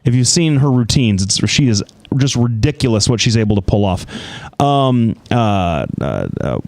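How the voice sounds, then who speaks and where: A man co-hosting a casual political talk show, speaking haltingly with many fillers. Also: mid-range voice, sing-song, a little mellow, dry recording. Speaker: co-host.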